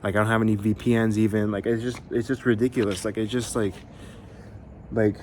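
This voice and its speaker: A man's voice: lowish voice, flat delivery, fairly quick, a little mellow, slight background noise. A young man venting in a rambling, exasperated way, full of fillers and swearing, as he talks to his viewers. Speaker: musician vlogger. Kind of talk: frustrated venting to camera.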